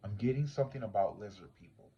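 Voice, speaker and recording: A male psychic who reads tarot narrates a tale for livestream viewers, talking fast in a fairly low, husky voice. His casual, animated delivery jumps from quiet to loud, and the recording is muffled.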